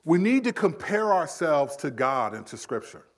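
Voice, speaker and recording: A man in his thirties preaching a sermon in a conversational style, acting out quick quotes. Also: a little high, sing-song. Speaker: pastor.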